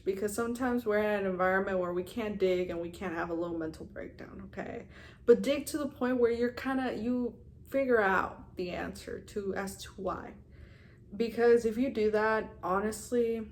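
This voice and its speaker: A woman's voice: mid-range voice, moderate pace, a little mellow. Candid young woman vlogging to viewers. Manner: casual, frank, swears, addresses viewers as you guys. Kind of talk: candid personal vlog talk.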